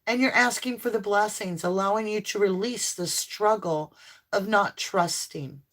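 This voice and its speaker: Lady doing a live tarot reading, super bright voice, gushy and hyped. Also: medium pitch, measured pace. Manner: effusive, exclaiming, affirming. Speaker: tarot reader.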